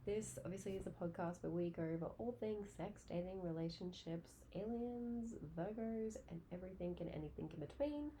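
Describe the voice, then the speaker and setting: Woman podcast host, late twenties, lowish voice, mellow tone, chatty, swears a lot. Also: brisk, few pauses, a little hiss or hum. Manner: chatty, swears freely, lively storytelling. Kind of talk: casual solo podcast chat.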